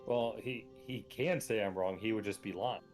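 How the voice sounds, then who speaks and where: A man's voice: lowish voice, normal speed, darkish tone, soft background music. A man playing in a tabletop game, making dry wisecracks. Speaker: player. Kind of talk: casual tabletop game chat.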